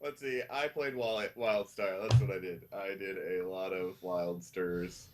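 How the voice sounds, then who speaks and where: A man's voice: sits low, fairly even intonation, measured pace, background noise. A man from Canada talking casually on a gaming podcast, laid-back and a bit hesitant.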